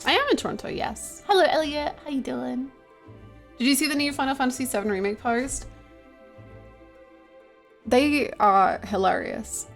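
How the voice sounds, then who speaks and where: A woman streaming from home, chatting casually with her viewers, laughing often and greeting them by name in a playful, chaotic way. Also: fairly high pitch.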